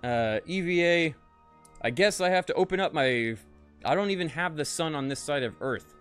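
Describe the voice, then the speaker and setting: A man's voice: fairly high pitch, animated, normal speed, a bit bright, clean tone, soft background music. A young man streaming a space game, talking to chat and muttering in frustration, swearing often. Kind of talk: casual live-stream commentary.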